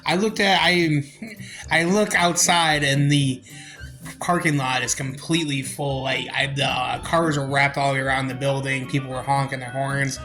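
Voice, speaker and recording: A young man telling a work story in a casual vlog, rambling and halting, acting out the quotes. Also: mid-range voice, fairly even intonation, sharp tone, soft background music.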